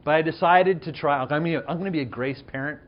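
A thirty-something church pastor with a slightly high voice talks at a quick pace over dull audio. His sermon is conversational and self-deprecating, built around a personal story, and he questions the audience along the way.

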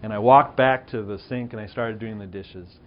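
The lo-fi recording captures a fairly low-pitched man in his thirties speaking at a moderate pace. As a church pastor, he delivers a self-deprecating, conversational sermon, telling a personal story and asking his audience questions.

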